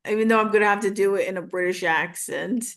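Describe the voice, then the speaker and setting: A woman's voice: medium pitch, fast, a bit bright. A woman voice acting student chatting casually with her coach, hesitant and full of fillers. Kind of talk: casual chat.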